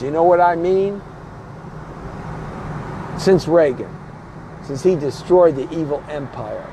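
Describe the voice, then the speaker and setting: Show host, male, fired-up political commentator, combative and emphatic, voice sitting high, loud traffic behind. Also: lively intonation, slow, pauses often, poor audio. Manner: emphatic, hammering rhetorical questions; blunt and combative.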